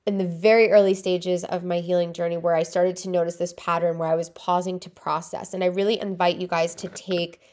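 A woman's voice: fairly low pitch, a little mellow. A woman hosting a self-healing podcast, talking in an earnest, confiding way with many casual fillers and "right?" checks. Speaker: podcast host. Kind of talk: reflective solo podcast talk.

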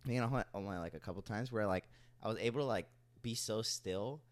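A man's voice: lowish voice, brisk, no room sound. A young adult man co-hosting a podcast, talking in a laid-back, rambling way with many fillers. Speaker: podcast host. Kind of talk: casual chat.

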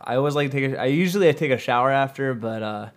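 A man co-hosting a podcast in casual chat, laid-back and halting, restarting his sentences. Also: medium pitch. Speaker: podcast co-host.

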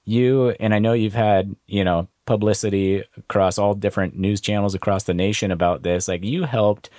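A man's voice: fairly low pitch, steady tone, moderate pace, a little mellow, dry recording, studio quality. A male podcast host in Washington State, praising his guest in an admiring, effusive way. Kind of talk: interview hosting.

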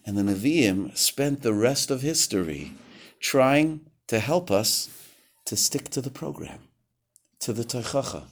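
A man with a medium-pitched voice gives a conversational Torah lecture, animated but a little slow. He sometimes hunts for words, and his voice jumps sharply when he acts out quotes.

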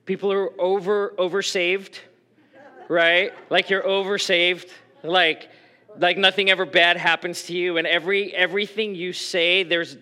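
Pastor, man, mid-high voice, bright and forceful, earnest conversational sermon. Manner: conversational, earnest preaching with frequent restarts; emotional, openly expressive.

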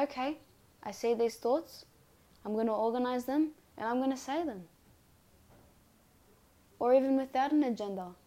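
A woman's voice: on the high side, mellow. Earnest woman coaching a podcast audience. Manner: earnest, repetitive, coaching phrasing. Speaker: podcast host. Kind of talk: reflective self-help monologue.

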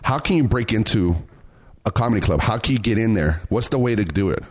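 A low-pitched man hosts a casual comedy podcast. He asks his questions in an easygoing way and keeps affirming his guest with quick backchannel responses. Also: expressive, breathy edge. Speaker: podcast host.

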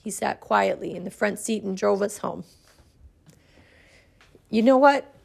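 A woman in her thirties, a podcast host, telling a personal story in an earnest, reflective way with dramatic pauses. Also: mid-range voice, creaky, darkish tone.

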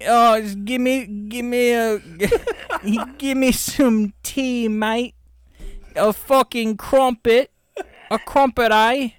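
A man's voice: fairly even intonation, drawn-out words, clear, resonant tone, no room sound, clean studio sound, full character voice. A man putting on a mocking, exaggerated British accent to play a posh, precious English actor. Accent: put-on British. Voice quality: high, sing-song and exaggerated.

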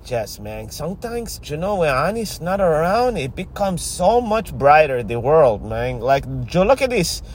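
A man hosting a comedy podcast, teasing and exclaiming in animated character chat from inside a car. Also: fairly high pitch, a little slow, hardly any pauses, slight background noise.

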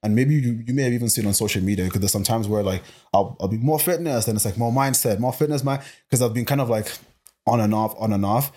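A man who grew up in Botswana, talking as an interview guest about coaching, passionate and energetic with many restarts. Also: mid-range voice, fast talker. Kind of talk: casual interview talk.

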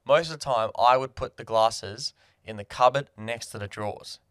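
A young Australian man co-hosting a podcast in casual chat, telling stories with lively acted-out exclamations. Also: medium pitch, normal speed, clean tone, no room sound, studio quality. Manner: animated storytelling, acts out his own shouts. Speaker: podcast co-host.

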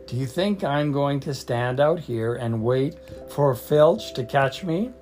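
A man's voice: medium pitch, lively intonation, slow pace, a little mellow, faint music behind. A man reading as an indignant schoolgirl witch. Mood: insistent. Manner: indignant, scolding. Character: bossy know-it-all schoolgirl witch.

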